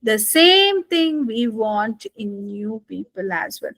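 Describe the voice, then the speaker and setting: Lively high-voiced Indian English teacher. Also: female voice, takes it slowly, no room sound. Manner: lively rising and falling intonation, asks "isn't it?" often. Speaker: IELTS speaking instructor. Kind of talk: live online class lecture.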